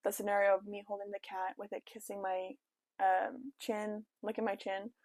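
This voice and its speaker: A young woman sits at home talking straight to her camera in a loose, chatty storytime way, dropping "like" often and acting out her own thoughts. Her voice sits at a middle pitch, recorded close and dry with no room echo. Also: little pitch movement, moderate pace, darkish tone. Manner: chatty, lots of "like" and self-quoting asides. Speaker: vlogger. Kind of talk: casual storytime chat.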